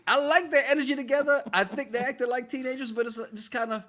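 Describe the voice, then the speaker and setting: A man's voice: very high-pitched, steady tone, fast talker, hardly any pauses, sharp tone. A man co-hosting a casual podcast, reading live chat comments aloud and laughing often. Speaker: podcast co-host.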